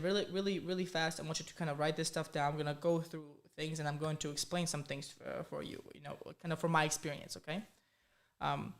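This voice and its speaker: Encouraging coach with a slight accent. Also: male voice, high voice. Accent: slight foreign accent. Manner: encouraging, repetitive, keeps checking in with "okay?" and "right?". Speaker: coding career coach hosting a live training. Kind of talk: live-streamed motivational coaching talk.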